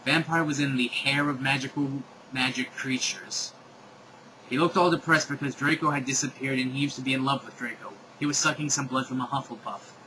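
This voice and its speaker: A man's voice: medium pitch, fairly even intonation, a little fast, noisy background. A man reading bad fan fiction aloud in a comedic dramatic style, with exasperated, sarcastic commentary.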